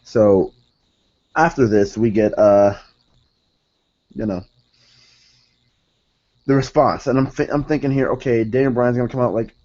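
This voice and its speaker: A man reviewing a wrestling show in a casual, rambling rant, excitable and profane, often restarting his sentences. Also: mid-range voice, a little slow, pauses often, muffled recording.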